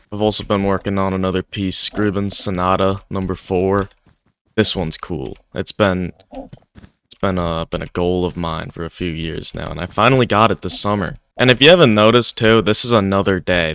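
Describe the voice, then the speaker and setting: A young adult gaming YouTuber with a low, fairly bright voice rambles casually over gameplay, peppering his talk with "like," and speaks into a desk microphone.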